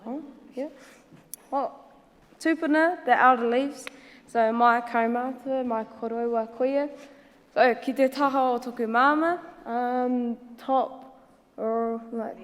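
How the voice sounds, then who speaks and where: A woman's voice: fairly high pitch, steady tone, slow pace, long reverb tail. A woman with a New Zealand accent giving a personal presentation at a symposium, speaking casually and hesitantly with many ums and Māori words mixed in.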